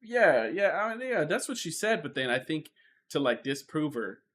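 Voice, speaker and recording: A man co-hosting a casual movie review podcast, animated and quick to chime in. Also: on the high side. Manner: animated, chiming in. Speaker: podcast co-host.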